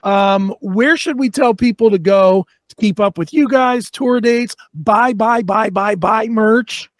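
High-voiced friendly interview host. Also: male voice, slow, no room sound. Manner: friendly, says "dude" and "man". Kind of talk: casual interview chat.

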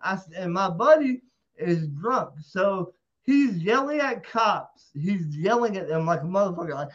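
A man telling a rowdy story in casual talk, animated and profane, acting out quotes loudly. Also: sits high, a little slow, highs cut off. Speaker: interview guest.

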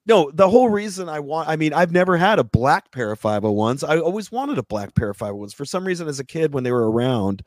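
Talking fast with hardly any pauses, this radio talk show host has a fairly high-pitched male voice. Animated and swearing, he rants through a long, casual story and acts out the people he quotes. The studio sound is clean, with no room sound.

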